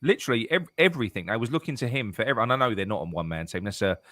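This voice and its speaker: A man chatting about football on a podcast, his words tumbling out quickly with a lively, bouncing pitch. He rambles and repeats phrases as he thinks. His voice is bright and sits dry and close. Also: no echo. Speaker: podcast co-host. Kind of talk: casual football chat.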